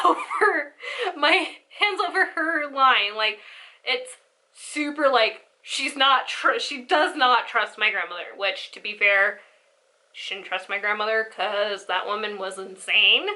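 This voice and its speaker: A young woman telling a family story in a casual, animated way, acting out the voices of her relatives. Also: fairly high pitch, measured pace. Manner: animated, acts out family members' lines. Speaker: storyteller vlogger.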